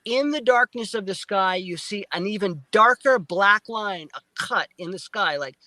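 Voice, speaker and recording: With a bright, forward, high-pitched voice, a guest excitedly narrates something that happened to him, mimicking the noises and quoting himself along the way. He keeps a moderate pace. The mic is close and dry, with no echo or room sound.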